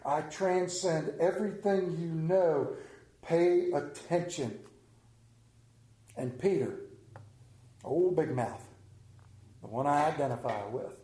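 A middle-aged male pastor preaching a sermon, telling the story with lively acted-out scenes and sudden drops to a hush. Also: takes it slowly, long pauses. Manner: animated storytelling, acts out scenes with big pitch swings. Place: room with a congregation. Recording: echoey room.

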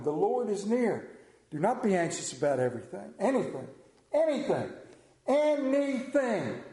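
A man preaching a sermon as pastor, conversational and joking, often dropping to a hushed voice. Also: sits high. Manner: humorous, conversational preaching with sudden hushed drops. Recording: roomy church echo.

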